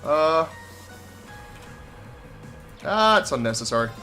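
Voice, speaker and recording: A man's voice: fairly high pitch, very animated, slow, pushed and bright, faint music behind. A young Scottish man chatting casually and rambling while playing a video game. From Scotland. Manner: chatty, rambling, self-mocking. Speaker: let's play gamer. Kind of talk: casual gameplay commentary.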